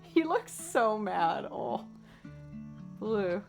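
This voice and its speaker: Bubbly, slow-talking woman streamer. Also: medium pitch, very animated, creaky, darkish tone, faint music behind. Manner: bubbly, thanks viewers one by one. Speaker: livestream musician. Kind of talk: casual livestream chat.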